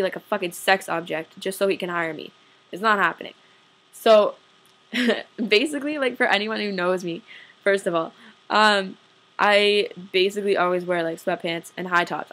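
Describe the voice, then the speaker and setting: With a fairly bright, mid-range voice, the young vlogger delivers a casual storytime rant to camera. She's heated and profane, peppering everything with "like."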